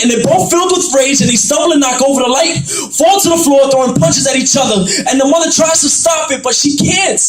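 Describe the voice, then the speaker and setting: A man performing dramatic spoken word poetry, rhyming and building up to shouts. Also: extremely high pitch. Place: church. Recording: echoey room, far from mic.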